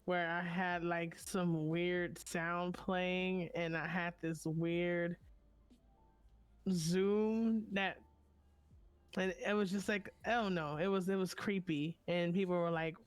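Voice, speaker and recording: A woman's voice: on the low side, fairly even intonation, slow pace, clear, resonant tone, dry recording. A woman speaking as a streamer guest on an online comedy panel, a bit hesitant and giggly. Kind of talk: casual panel chat.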